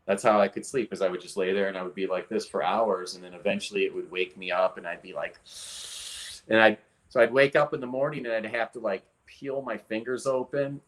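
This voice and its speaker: A man in his forties, a guest expert in an interview, telling a personal story with animated delivery while demonstrating with his arm and hand. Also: on the low side, a little fast.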